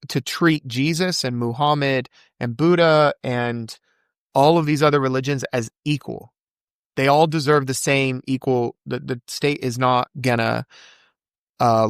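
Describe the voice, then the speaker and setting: A man's voice: vocal fry, clear, resonant tone, dry recording. Fervent man in a dry close mic. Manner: fervent, quotes scripture rapidly from memory; acts out quoted voices with big pitch jumps. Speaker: podcast guest. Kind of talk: conversational podcast talk.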